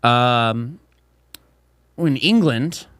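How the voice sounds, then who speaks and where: A man's voice: medium pitch, expressive, extremely slow, fairly bright tone, no echo, clean studio sound. A young man hosting a casual podcast, telling crude, rowdy stories and mimicking voices. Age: young adult. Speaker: podcast host.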